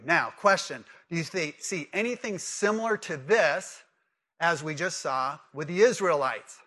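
Bright-voiced man preaching a sermon. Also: on the high side, animated, unhurried. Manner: conversational, asks the congregation questions; emphatic repetition. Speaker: pastor.

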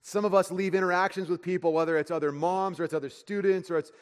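A man preaching to his congregation with a fairly high voice, talking conversationally and cracking jokes as he acts out everyday voices. His words ring out with a long reverb, as if filling a large church hall. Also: steady tone, quick pace, clean tone. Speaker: pastor. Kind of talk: sermon.

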